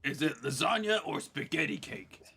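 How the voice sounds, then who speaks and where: A man's voice: a little high, big pitch swings, moderate pace, vocal fry, bright, forceful tone, breathy edge. A man playing a tabletop role-playing game who jokes around goofily. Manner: goofy, joking. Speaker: player voicing an ogre. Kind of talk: casual tabletop game chat.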